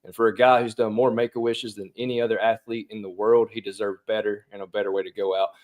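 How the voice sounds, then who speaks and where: A man's voice: on the low side, level tone, fast talker. A man co-hosting a casual sports talk show, chatty and opinionated. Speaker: co-host.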